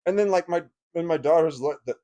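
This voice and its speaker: A man's voice: fairly high pitch, fast, warm tone. A man telling a personal story in a vlog, emotional and blunt, swearing freely and often restarting his sentences. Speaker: vlogger.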